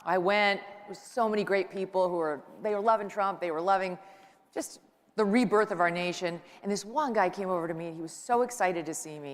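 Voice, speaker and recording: A woman's voice: fairly low pitch, a little fast. A middle-aged woman giving a joking, chatty speech from a conference stage, telling stories to the crowd. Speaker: conference speaker, talk show host. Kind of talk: lively stand-up style speech. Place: large conference hall. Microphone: handheld mic on stage. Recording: long hall reverb.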